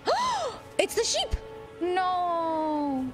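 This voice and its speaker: A woman streaming a video game, reacting with giggles, gasps and excited squeals. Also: very high voice, very slow, over music.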